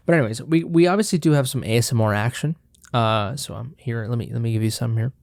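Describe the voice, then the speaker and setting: With a medium-pitched, gravelly voice and a darkish tone, this solo podcast host talks fast and loose, swearing jokingly. He chews chocolate on the mic, and the studio-quality recording is dry.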